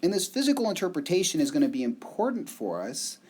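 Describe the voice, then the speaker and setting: A man giving a recorded math lecture, explaining step by step with phrase endings that trail off softly. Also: slightly rough. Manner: slow, explanatory, animated pitch with soft trailing ends.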